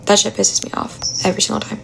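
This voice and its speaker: Gravelly young woman talking quietly. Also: mid-range voice, flat delivery, fast, slight background noise, poor audio. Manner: talking quietly, half-hushed, chatty and blunt. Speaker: livestreamer answering chat. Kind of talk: casual live stream chat. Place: home apartment at night. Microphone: phone.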